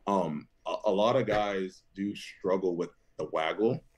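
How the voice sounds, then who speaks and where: Low-voiced man telling animated stories. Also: unhurried. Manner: laughs through stories, jumps high when quoting others. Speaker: interview guest, football linebacker. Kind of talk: animated storytelling.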